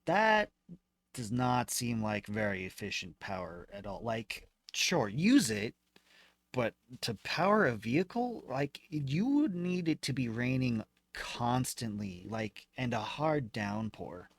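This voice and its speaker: A man's voice: medium pitch, expressive, measured pace, vocal fry, dry recording. A man streaming a video game, reading its text aloud and chatting casually about what he reads while he works through puzzles. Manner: reads on-screen text aloud, then chats back. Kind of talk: casual let's-play commentary.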